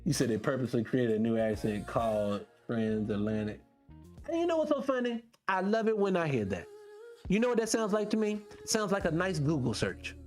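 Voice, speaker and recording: Here's a man with a high, lively voice, swinging up and down constantly as he holds forth on his show. He talks straight to his audience in a loose, profane monologue, piling on rhetorical questions. Soft music plays faintly behind him. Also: fairly quick. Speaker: podcast host. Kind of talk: casual monologue to viewers.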